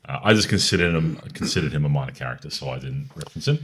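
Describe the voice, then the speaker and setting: A man's voice: extremely low pitch, lively intonation, racing, a bit bright. A man co-hosting a casual film review podcast, easygoing with dry teasing. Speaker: podcast co-host.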